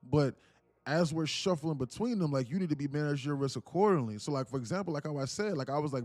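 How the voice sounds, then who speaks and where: A man's voice: a little high, fast talker, no room sound. Rambling man streaming live trading. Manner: rambling, heavy use of "like", animated.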